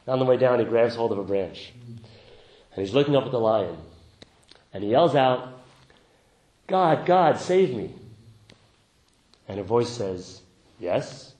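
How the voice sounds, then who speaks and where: A man teaching meditation to a group, speaking gently, laughing often, and growing lively when he tells a story. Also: fairly low pitch, normal speed, pauses often, reverberant, low-quality recording. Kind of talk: dharma talk.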